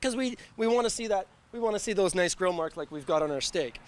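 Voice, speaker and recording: Man, barbecue chef, cooking demo, halting, repeats himself, higher voice. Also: expressive. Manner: halting, repeats words, restarts. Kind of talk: cooking demonstration chat.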